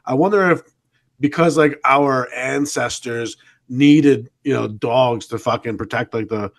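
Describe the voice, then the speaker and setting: A man on a podcast with a middle-range pitch, thinking out loud. He rambles and circles back as he muses over an idea. The tone is relaxed conversation. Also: a little slow. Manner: musing, rambling. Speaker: podcast co-host. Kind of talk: casual chat.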